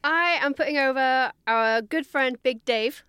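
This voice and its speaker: A woman's voice: sits high, a little slow, sharp tone, smooth, no echo. A woman co-hosting a podcast, telling rambling anecdotes in a chatty way. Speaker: podcast co-host. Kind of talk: casual podcast chat.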